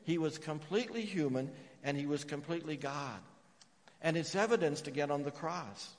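A man preaching a sermon as pastor, emphatic, dropping to hushed repeated phrases. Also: a little high, normal speed. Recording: long reverb of a church hall.

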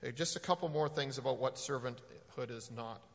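A man preaching in a loose, conversational way, with a gravelly edge to his voice and frequent ums and restarts. His words ring out with a long hall reverb behind them. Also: mid-range voice. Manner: conversational, halting with fillers and restarts. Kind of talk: sermon.

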